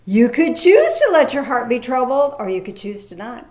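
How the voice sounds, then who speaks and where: A woman preaching a sermon in a lively, folksy way, reading scripture aloud slowly and commenting with casual asides. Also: fairly high pitch. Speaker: pastor. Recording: echoey room.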